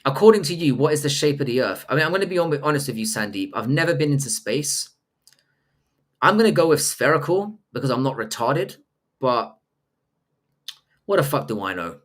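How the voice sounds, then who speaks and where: Hosting a casual live stream, a man voices viewer messages and answers with crude, profane joking. His mid-range voice has lively intonation and runs a little fast, broken by long pauses.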